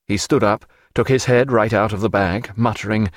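A man narrating an audiobook in a measured, expressive reading. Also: on the low side, no room sound, clean studio sound.

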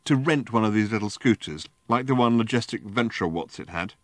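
A man's voice: on the low side, animated, a little fast, no room sound, studio quality, voice pushed up, close to an everyday voice. A man voicing an ordinary male traveller in an audiobook, in a plain, inquiring way.

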